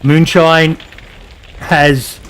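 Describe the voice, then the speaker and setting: A man's voice: a little high, little pitch movement, drawn-out words, fairly bright tone, slight background noise. An Australian man streaming a game, chatting casually with his viewers and answering their messages as he plays. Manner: laid-back, chatty, reads chat aloud and answers viewers. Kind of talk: casual chat while playing.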